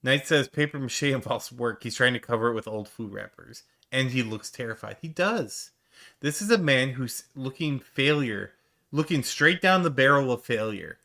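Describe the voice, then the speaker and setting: A man's voice: mid-range voice, lively intonation, normal speed, pushed and bright. A man giving sarcastic, mocking reaction commentary on a stream clip, swearing freely.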